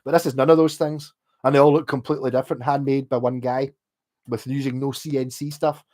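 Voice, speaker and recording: A man's voice: medium pitch, little pitch movement, a little fast, dark tone. A Scottish man rambling casually on a livestream about guitar repair, with many restarts and the odd swear word.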